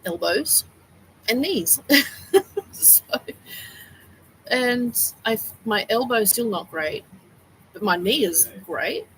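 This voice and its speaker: A middle-aged woman talks on a livestream in a loose, rambling way and often breaks into laughter. She tells stories with lively quoted outbursts. A faint hiss of noise sits under her voice. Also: fairly high pitch, takes it slowly, long pauses, low-quality recording. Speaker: livestream host. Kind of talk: casual livestream chat.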